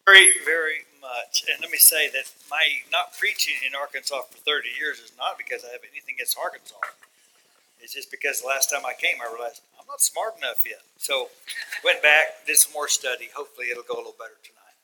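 A middle-aged man with a Texas accent preaching a sermon as a guest, folksy and self-deprecating, building to loud emphatic bursts. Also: mid-range voice, a little fast, slight background noise, poor audio. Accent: Texan.

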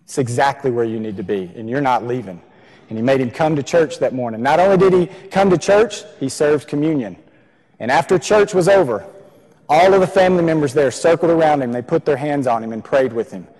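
A man's voice: a little high, animated, a little fast, darkish tone. A man preaching a sermon in a church, earnest, repeating key phrases for emphasis. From Texas. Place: church sanctuary. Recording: long reverb of a church hall.

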